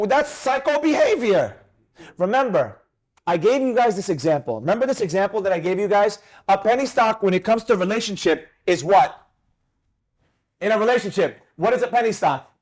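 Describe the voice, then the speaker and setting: A man teaching a live trading class, emphatic and animated, quizzing his students with rapid questions. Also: high-pitched. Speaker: trading instructor.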